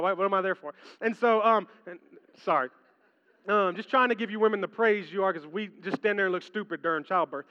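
A male pastor preaching a sermon in a large hall, telling stories animatedly and swinging from hushed tones to excited ones. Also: high voice. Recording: reverberant hall, dull lo-fi sound.

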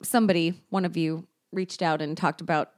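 A woman's voice: lowish voice, fairly even intonation, fairly quick, a little mellow, no room sound. Chatty woman podcaster, dry close mic. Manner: chatty, self-deprecating, laughs often. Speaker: podcast co-host. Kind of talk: casual chat.

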